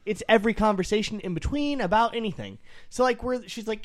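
A man with an Iowa accent co-hosting a podcast, telling a story in a rambling, animated way with many fillers. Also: sits high, fast talker. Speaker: podcast co-host. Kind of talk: casual storytelling chat.

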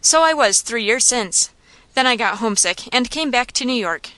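A woman reading a sly, rough saloon keeper. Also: a little high, expressive, moderate pace, sharp tone, dry recording. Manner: coarse, slangy and sly. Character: rough insolent male saloon keeper, coolly mocking.

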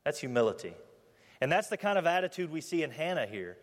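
A man's voice: fairly high pitch, very animated, quick pace. Young male preacher in a reverberant hall. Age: 20s. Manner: earnest, asks the congregation questions, reads scripture aloud. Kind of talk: sermon. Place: church building.

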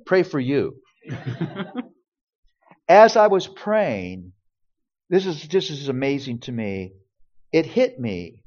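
Pastor-type man, earnest sermon delivery, mid pitch, slightly dull lo-fi sound. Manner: earnest storytelling, acts out quoted dialogue. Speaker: pastor speaking on parenting. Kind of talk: sermon-style teaching and Q&A. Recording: dull lo-fi recording.

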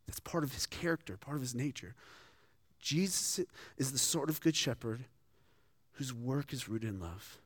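A man's voice: mid-range voice, moderate pace, husky, dry recording. Earnest man preaching, dry sound. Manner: earnest, conversational preaching with many restarts. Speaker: pastor. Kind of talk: sermon.

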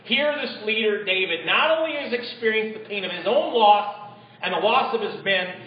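High-voiced man preaching in an echoey church. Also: lively intonation, normal speed. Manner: addresses the congregation with rhetorical questions. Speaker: pastor. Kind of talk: sermon. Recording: echoey, dull lo-fi church recording.

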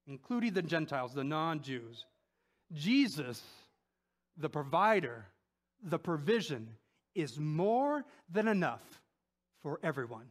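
A man preaching a sermon in a conversational way, often asking "right?", swinging between loud emphatic peaks and soft low asides. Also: big pitch swings, slow pace. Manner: conversational, with frequent rhetorical "right?".

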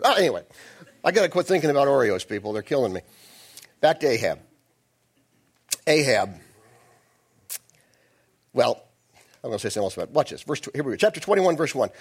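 A man's voice: mid-range voice, sing-song, a little fast, pauses often, slightly rough. A man preaching a sermon, reading Bible verses aloud and breaking off into casual, playful asides. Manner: conversational, digressive, playful asides.

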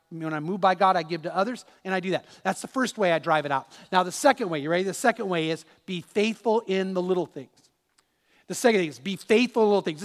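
A man's voice: high-pitched, a bit bright, in a large hall. A man preaching a sermon as pastor, telling a personal story with restarts and repeated words.

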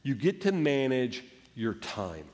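A man's voice: medium pitch, sing-song, takes it slowly, a little mellow, long reverb tail. A man preaching a sermon as pastor, earnest, sometimes acting out the voices of doubters and of Jesus. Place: church sanctuary.

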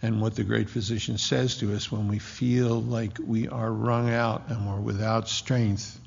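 Gravelly-voiced preacher man in echoing hall. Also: fairly low pitch, flat delivery. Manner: impassioned preaching with slow, drawn-out emphasis. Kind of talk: sermon. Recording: dull lo-fi with long hall reverb.

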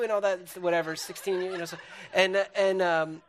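Guy preaching in church, fairly high voice, super animated, keeps going "and, and" and restarting sentences. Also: fairly quick. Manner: animated, repetitive, stumbling restarts. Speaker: pastor. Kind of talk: sermon with a puppet illustration.

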